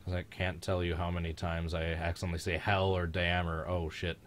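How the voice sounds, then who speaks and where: A young man hosting a live-streamed race reaction, joking and excitable in casual commentary. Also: low-pitched, normal speed. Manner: joking, excitable, mild swearing. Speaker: host of a live-streamed racing reaction show.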